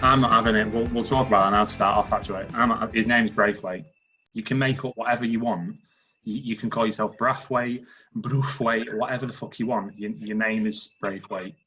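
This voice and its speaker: A man's voice: on the low side, steady tone, fairly quick, bright, forceful tone, soft background music, poor audio. A man with a Mancunian accent co-hosting a football podcast, ranting in an exasperated way. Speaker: podcast co-host. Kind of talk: casual football chat.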